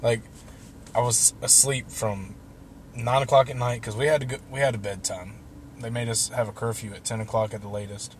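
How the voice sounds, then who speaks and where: This young man's steady, mid-range voice moves at a normal speed, with slight background noise. He's telling a long story about himself, loose and profane. Laughter breaks in now and then.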